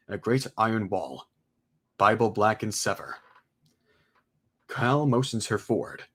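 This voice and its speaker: A man streaming a casual script read-through, excitable and exclaiming at his own slips. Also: on the low side. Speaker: streamer reading a film script aloud.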